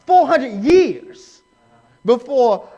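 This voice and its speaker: A pastor preaches live from a church pulpit in a strikingly high voice. He drives his points home with emphatic repetition, swings up into shouts, and slips into the voices of the people he quotes. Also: sing-song, very slow, lo-fi sound. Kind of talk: live sermon. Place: church sanctuary.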